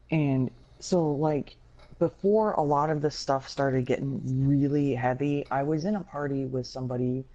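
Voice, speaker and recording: Woman podcast co-host, mellow voice, blunt and profane, lo-fi recording. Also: rumbling low. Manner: candid, blunt and profane storytelling. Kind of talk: casual podcast chat. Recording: dull lo-fi sound.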